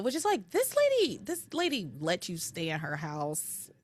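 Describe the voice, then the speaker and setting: Animated woman podcaster, lively pitch. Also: normal speed. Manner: animated, recounting with quoted voices. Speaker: podcast co-host. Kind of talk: casual recap chat.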